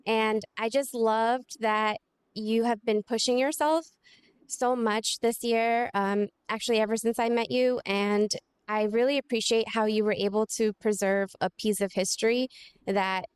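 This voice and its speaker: Clear-voiced woman, a little flustered. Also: on the high side, steady tone, a little slow, no room sound.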